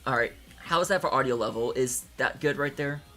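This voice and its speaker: A man's voice: medium pitch, brisk, pushed and bright, soft background music. A young man, chatting casually to a live stream audience in a hesitant, filler-heavy way with nervous laughter.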